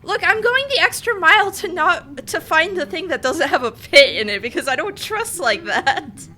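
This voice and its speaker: A young woman streaming a game, reacting with frantic screams and rushed, apologetic chatter. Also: high-pitched, animated, pushed and bright. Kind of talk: live gameplay commentary. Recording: noisy stream mic that clips on screams.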